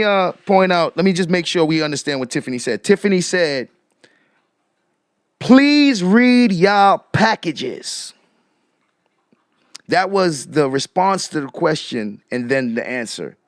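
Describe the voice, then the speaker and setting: Male commentary streamer, high-ish and very animated delivery, dry close sound, drills viewers with repeated questions. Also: no room sound. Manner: shouts out chat viewers. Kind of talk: casual live commentary.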